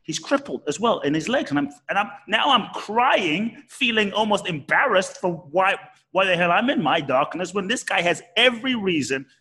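Brief: male guest speaker, husky tone, emotional storyteller whose pitch leaps and who often restarts mid-sentence. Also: brisk. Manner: animated, swooping pitch with frequent restarts. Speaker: guest, spiritual teacher.

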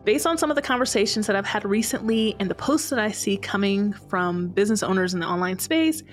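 A woman's voice: medium pitch, expressive, brisk, soft background music. A woman hosting her own podcast, talking solo to her listeners in a chatty, playfully sarcastic way. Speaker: podcast host.

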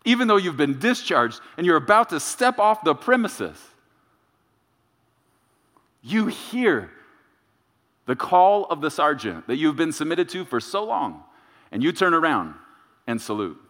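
A man's voice: on the high side, very animated, a bit bright. Male pastor preaching in a reverberant hall. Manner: emphatic, repetitive preaching with dramatic pauses. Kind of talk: sermon. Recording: reverberant church sanctuary.

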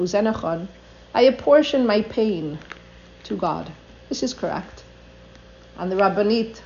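A woman's voice: medium pitch, a little mellow. An older woman giving an earnest religious talk, reading passages aloud and then translating them. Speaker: Torah teacher. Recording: dull lo-fi recording.

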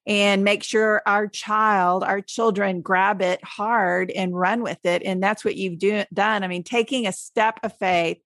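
A woman's voice: mid-range voice, fairly even intonation, measured pace, few pauses, a bit bright, no room sound, clean studio sound. A woman from Texas, hosting a faith podcast interview in an enthusiastic, emphatic and encouraging way. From Texas, USA. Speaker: podcast host.

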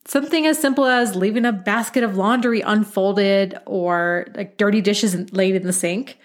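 A woman's voice: medium pitch, normal speed. Give me a candid woman podcast host in her thirties, chatty and direct. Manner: candid, chatty, peppered with mild swearing. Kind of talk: casual podcast monologue.

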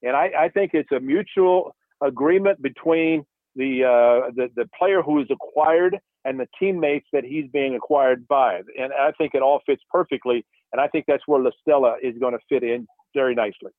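A man's voice: medium pitch, moderate pace, no room sound. A man who once played catcher, talking baseball in casual radio chat and acting out old exchanges as he tells stories. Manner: animated storyteller, acts out dialogue. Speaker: baseball broadcaster, former catcher. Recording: dry phone-like radio line.

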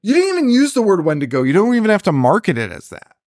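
A man recapping a horror movie in casual podcast chat, animated and profane, laughing often as he retells scenes. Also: high voice, fast talker, no echo, studio quality. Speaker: podcast co-host.

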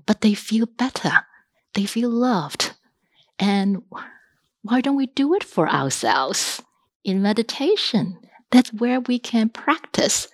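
A woman teaching meditation in a gentle, reassuring dharma talk. Her pitch sits mid-range, and her delivery is unhurried and full of pauses. The sound is dry and close, with no room echo.

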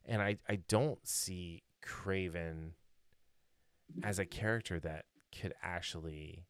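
A man's voice: low-pitched, slow, smooth, dry recording, studio quality. A man co-hosting a podcast in casual chat, rambling and opinionated, with many fillers and restarts. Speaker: podcast co-host.

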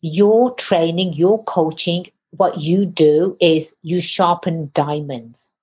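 A woman hosting a podcast interview, talking quickly and enthusiastically in a casual, effusive way. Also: lowish voice, darkish tone. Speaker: podcast host.

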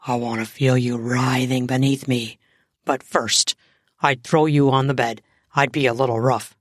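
Woman putting on a deep male lover's voice, firm, smooth, commanding, flat delivery, dry sound. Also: unhurried, no echo. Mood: seductive, commanding. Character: confident seductive adult man playing Santa.

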